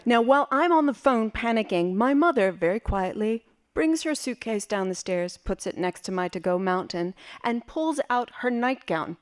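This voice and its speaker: A woman from West Berlin performing a personal story live, in an animated, vivid and playful way. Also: fairly high pitch, moderate pace, few pauses. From West Berlin, Germany.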